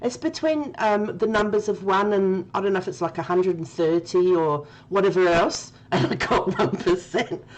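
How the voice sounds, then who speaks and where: A woman's voice: medium pitch, expressive, a little slow, hardly any pauses, a little hiss or hum, poor audio. A woman streaming a game live, chatting with her viewers by name and laughing often. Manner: giggly, laughing often and talking to chat by name.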